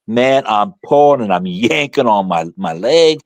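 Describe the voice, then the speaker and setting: A middle-aged man, a guest author, telling a story in casual conversation, animated and colloquial with frequent restarts. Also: fairly low pitch, normal speed, hardly any pauses, no echo.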